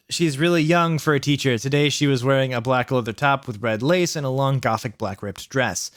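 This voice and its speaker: A young man reading a story aloud for a comic challenge, animated and laughing through lines. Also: medium pitch, clear, resonant tone, no echo, clean studio sound. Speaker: YouTube reader.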